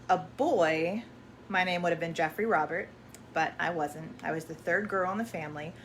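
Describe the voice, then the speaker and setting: A woman's voice: on the low side, fairly bright tone, a little hiss or hum. A woman spiritual energy coach in casual promotional chat, effusive and affirming, often repeating herself and using uplifting self-help language.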